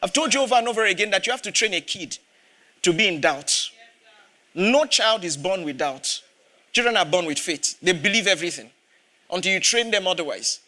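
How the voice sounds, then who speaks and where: A pastor preaches in a high, sharply bright voice. He tells a story with laughter and acts out the dialogue himself. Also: lively intonation, a little fast. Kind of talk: sermon.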